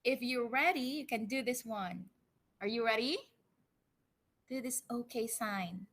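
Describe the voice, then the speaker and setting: A woman teaching English words to children and reading them a story, prompting slowly and repeating each word. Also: on the high side, a bit bright. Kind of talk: vocabulary lesson and storytelling for children.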